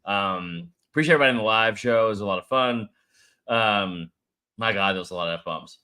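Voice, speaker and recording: A man's voice: fairly low pitch, a little fast, sharp tone. A man co-hosting a sports podcast, chatting casually and reacting loosely. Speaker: podcast co-host. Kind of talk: casual chat.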